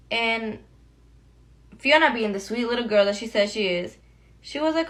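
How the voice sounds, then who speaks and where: A woman's voice: a little high, animated, normal speed, pauses often, a bit bright. A young woman chatting casually while getting ready, telling a storytime to her viewers in a slangy, friendly way. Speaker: beauty vlogger. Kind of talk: get-ready-with-me storytime chat.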